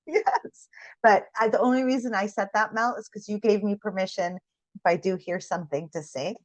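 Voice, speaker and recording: A woman co-host in a casual spiritual chat, speaking gently and affectionately, with easy laughter. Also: mid-range voice, steady tone, normal speed, no echo.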